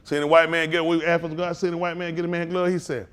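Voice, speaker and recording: A man preaching as a pastor in a fiery talk, swinging from low mutters to loud outbursts. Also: level tone, fast, smooth.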